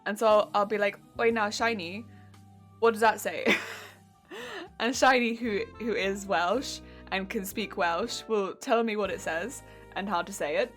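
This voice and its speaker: A woman craft streamer chatting casually on a live stream while hoarse, her wheezy voice cracking as she talks. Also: mid-range voice, expressive, measured pace, fairly bright tone, faint music behind.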